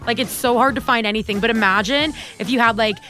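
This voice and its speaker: A woman hosting a casual chat, playful and teasing, quick with jokes. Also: a little high, bright, forceful tone, soft background music. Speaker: host.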